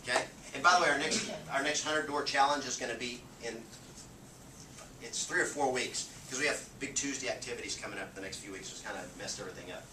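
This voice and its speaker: A man giving an energetic motivational training talk to a live audience, often checking in with "okay?". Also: medium pitch, fast talker. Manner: energetic, punchy, keeps asking "okay?". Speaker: real estate sales trainer. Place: meeting room with a live audience. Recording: echoey, distant, noisy room recording.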